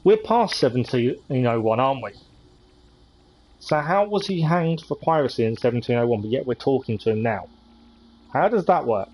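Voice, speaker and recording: A man commenting on a live game stream in a relaxed, chatty way. His voice is husky and sits at an ordinary pitch, and he reads out on-screen text between remarks. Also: normal speed, poor audio.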